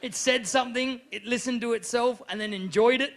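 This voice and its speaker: A man performing a stand-up comedy set at a live show, telling stories with swearing and shouted rants. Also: extremely high pitch, fairly quick, slight background noise. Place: live venue with audience.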